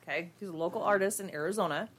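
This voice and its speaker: A woman's voice: lowish voice, racing, husky. A woman hosting a podcast in casual chat, loose and joking, swearing freely. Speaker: podcast host.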